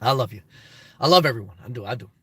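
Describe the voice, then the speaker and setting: A man's voice: medium pitch, expressive, fast talker, pushed and bright, slightly rough, no echo. A man reading chat on a phone live stream, talking politics in an emphatic casual way. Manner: emphatic, repeats "okay?" and "good job".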